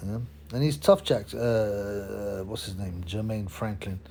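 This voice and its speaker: A man's voice: on the low side, slow pace, mellow, slight background noise. A man, hosting his own boxing channel in a rambling, opinionated casual monologue full of fillers and restarts.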